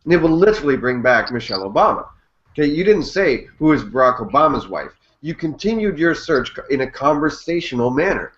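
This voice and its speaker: A man's voice: on the high side, lively intonation, brisk. A man hosting a casual online group chat, loose and laughing, swearing freely. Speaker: host of an online chat show. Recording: muffled online call audio.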